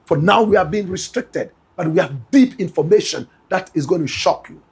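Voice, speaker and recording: A man's voice: high voice, expressive, moderate pace, a little mellow, breathy edge. A man with a Ghanaian accent giving dramatic gossip news commentary, emphatic and speaking straight to his listeners. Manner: emphatic, repeatedly addresses listeners as "my brother, my sister".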